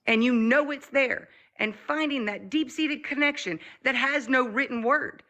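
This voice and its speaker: A woman hosting a casual group talk with a bright, forceful voice. She speaks earnestly and reflectively, pressing her points with emphasis. Some background noise sits under her mic. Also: sits high, a little slow. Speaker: podcast host.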